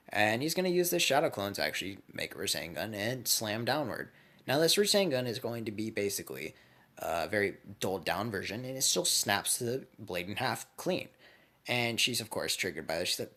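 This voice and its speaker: Low-voiced man, animated, rambling fan storyteller. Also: normal speed. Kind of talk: casual fan speculation.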